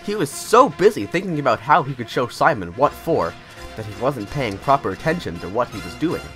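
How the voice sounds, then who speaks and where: A man narrating a storybook tale in a measured, lively storytelling manner. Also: mid-range voice. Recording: music playing behind.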